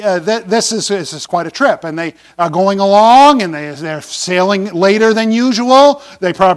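Male pastor, high voice, chatty sermon delivery, questions to the pews, loud emphatic lines and quiet asides. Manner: conversational, asks the congregation questions, paraphrases scripture.

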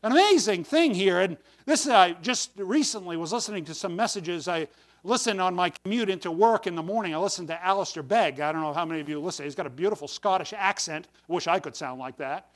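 High-voiced pastor preaching with emphatic swells. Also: male voice, expressive, fairly quick. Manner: folksy, rises to emphatic bursts on key words. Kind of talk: sermon.

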